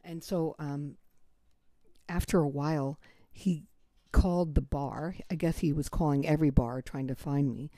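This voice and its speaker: An American woman hosts her podcast and tells a story in a candid, unfiltered way. Her voice sits low and mellow. The recording is dry and close, with no room sound. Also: fairly even intonation, a little slow, no room sound. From United States. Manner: candid and swears freely. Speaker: podcast host. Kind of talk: casual storytelling.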